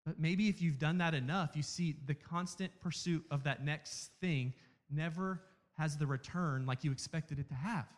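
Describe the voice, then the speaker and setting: Earnest preacher in an echoing hall. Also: male voice, on the high side. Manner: earnest, emphatic repetition with dramatic pauses. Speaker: campus minister preaching. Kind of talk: sermon. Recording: reverberant hall.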